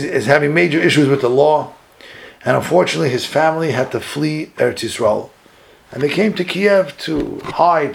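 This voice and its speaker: Gravelly rabbi telling a moving story. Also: male voice, poor audio. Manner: dramatic retelling with voice jumping higher at key moments. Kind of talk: storytelling sermon.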